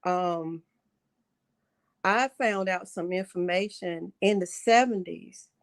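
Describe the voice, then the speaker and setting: A middle-aged woman calling in to a livestream talk show, speaking earnestly and haltingly, often repeating herself. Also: lowish voice. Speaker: caller.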